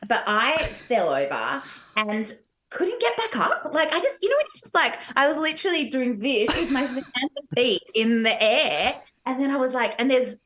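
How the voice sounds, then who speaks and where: Australian actress telling lively stories. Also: female voice, sits high, moderate pace. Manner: animated storytelling with laughs. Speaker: guest, musical theatre actress. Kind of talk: casual podcast chat.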